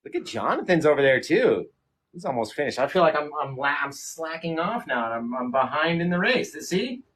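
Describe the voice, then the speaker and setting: A man hosting a live painting stream, chatting casually and joking while he paints, often trailing off into quiet mumbles. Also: a little high, sing-song, fairly quick, rough recording.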